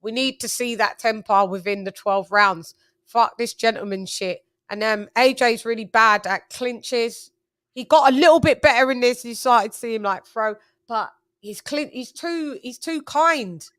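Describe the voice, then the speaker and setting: A woman's voice: fairly high pitch, unhurried, fairly bright tone, no room sound, clean studio sound. A woman hosting a casual boxing watch-along, blunt and profane. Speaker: channel host.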